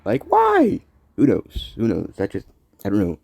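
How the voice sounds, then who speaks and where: Low-voiced man rambling through a monologue. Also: normal speed, vocal fry, dark tone, no echo. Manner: rambling, repeats words, trails off into mumbled asides. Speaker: podcast host. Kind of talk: casual solo monologue.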